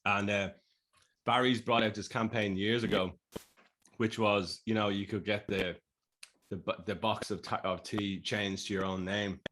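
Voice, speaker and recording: Low-voiced Irish man, jokey podcast host. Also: level tone, a little slow, a bit bright, a little hiss or hum. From Ireland. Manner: jokey, rambling storyteller. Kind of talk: casual podcast chat.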